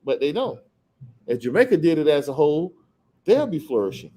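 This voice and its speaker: A man's voice: fairly high pitch, sing-song, warm tone. Man casually teaching scripture. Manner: conversational, reads verses slowly and deliberately. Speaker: Bible teacher. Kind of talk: casual scripture study talk.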